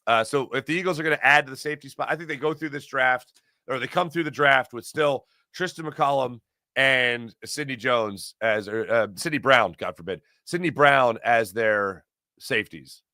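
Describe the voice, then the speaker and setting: Bright-voiced energetic male sports host. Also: medium pitch, normal speed, dry recording, clean studio sound. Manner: energetic, reads chat messages aloud and reacts. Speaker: sports talk show host. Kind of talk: casual sports talk livestream.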